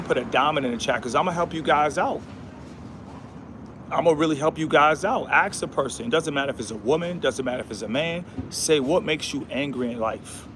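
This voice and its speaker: Preachy livestream man, slangy and high. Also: noisy background. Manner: preachy, repetitive, slangy, quotes scripture. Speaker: livestream host. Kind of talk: casual livestream monologue.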